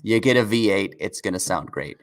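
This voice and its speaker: A man's voice: on the low side, lively intonation, brisk. A man co-hosting a casual car news live stream, chatting easily and chuckling now and then as he reads out viewer questions. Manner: laid-back, chuckles often, reads out chat questions. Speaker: co-host of a car news show.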